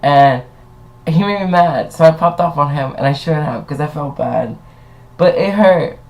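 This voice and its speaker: A man's voice: a little high, normal speed, creaky, low-quality recording. A young man talking casually to a webcam, rambling and swearing as he tells stories. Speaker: vlogger. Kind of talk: casual chat.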